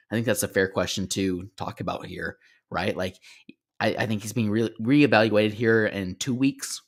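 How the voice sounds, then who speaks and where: A man with a fairly low voice co-hosting a sports podcast. He talks casually and hesitantly, often pausing with fillers and restarting his sentences. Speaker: podcast co-host.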